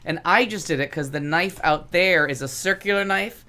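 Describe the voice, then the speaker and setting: A woman's voice: fairly low pitch, moderate pace, bright, forceful tone. A woman chatting on a podcast, telling rambling stories and presenting an entertainment news segment. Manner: rambling, chatty, self-interrupting. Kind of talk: casual podcast chat.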